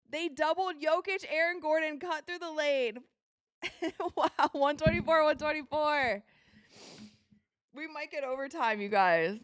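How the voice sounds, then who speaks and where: Excitable young woman calling a basketball game. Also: high voice, measured pace, no echo, studio quality. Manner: excitable, reacts loudly to plays, talks to viewers as you guys. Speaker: livestream host of a basketball watch party. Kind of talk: live game commentary to chat.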